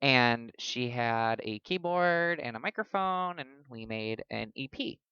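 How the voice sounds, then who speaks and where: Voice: mid-range voice, lively intonation, a little slow, clean tone, no room sound, lo-fi sound. A podcast host in casual chat, telling stories in a blunt, jokey, profane way.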